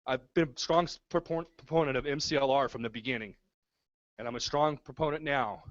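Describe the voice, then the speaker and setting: A man's voice: medium pitch, a little fast, lo-fi sound. Fervent man rallying a town hall. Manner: fervent, repetitive rallying speech. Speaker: activist speaking at a town hall. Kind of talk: impassioned public speech. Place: town hall meeting room.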